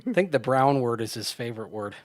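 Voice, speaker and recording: A man's voice: medium pitch, lively intonation, fast. Chatty male sports radio host. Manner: chatty, laughs often, restarts his sentences. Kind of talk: casual sports talk.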